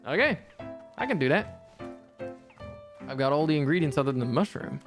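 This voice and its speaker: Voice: mid-range voice, lively intonation, moderate pace, faint music behind. A streamer chatting and muttering casually while playing a video game. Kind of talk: casual gameplay commentary.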